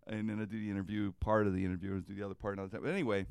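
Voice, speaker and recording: A middle-aged man from Pennsylvania, a radio host telling a story in casual chat, animated and profane and laughing often. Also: on the low side, racing, vocal fry, clear, resonant tone, no echo.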